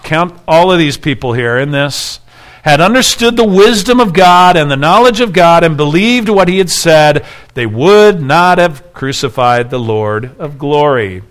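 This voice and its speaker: A man's voice: on the high side, very animated, measured pace, fairly bright tone. A man preaching an expository sermon, reading scripture aloud and explaining it, rising in intensity when he voices the people in the text. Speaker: pastor.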